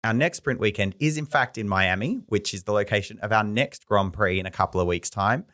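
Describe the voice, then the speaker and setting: Man podcast co-host, lowish voice, measured scripted explainer. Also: fairly bright tone. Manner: measured, informative.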